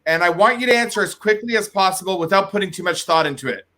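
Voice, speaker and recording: A man's voice: sits high, quick pace, bright, forceful tone. A man hosting an interview over a video call, chatting in a playful, upbeat way. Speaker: host. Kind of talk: casual interview chat.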